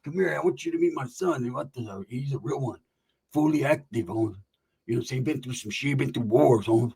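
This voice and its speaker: A man voicing an older street-tough man who boasts in a low, hushed way. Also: brisk, gravelly, slightly rough. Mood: proud boasting. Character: older street-tough man, proud gruff father figure.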